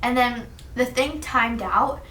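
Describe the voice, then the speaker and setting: A teenage girl vlogging as an excited fan, gushing and saying "like" constantly. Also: on the high side, slow pace, echoey room, distant mic. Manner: gushing, giddy, says "like" constantly. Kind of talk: excited fan chat to camera.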